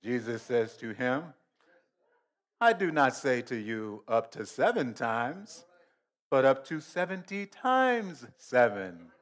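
A man preaching a sermon, slow and emphatic, repeating phrases and swelling into loud rises. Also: medium pitch, sing-song.

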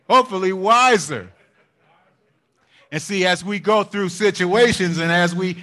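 A man's voice: sits high, pushed and bright. A man pastor preaching a sermon, repeating his points and checking in with the congregation, with frequent chuckles. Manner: repetitive, asks the congregation for responses; chuckles often while preaching.

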